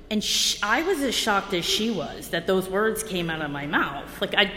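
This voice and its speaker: A woman's voice: medium pitch, expressive, normal speed, sharp tone. A woman speaks plainly and wryly about herself, poking fun at her own hard edges as she shares at a meeting. Her mid-range voice rings through a large hall with a long reverb tail, and a faint noise sits behind it. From New Jersey. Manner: blunt, self-deprecating and wry, with bursts of laughter. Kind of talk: candid personal share at a meeting.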